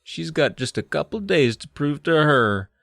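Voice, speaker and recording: A man co-hosting a comedy podcast, retelling a plot with jokey, animated storytelling. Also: fairly high pitch, normal speed, gravelly, no echo, clean studio sound. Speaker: podcast co-host.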